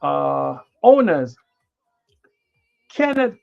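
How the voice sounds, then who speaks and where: A man with a highish, creaky, sing-song voice draws out his words as he rants bluntly in a livestream monologue. He curses freely and takes a preachy, moralizing tone, recorded on a dull lo-fi stream with faint music.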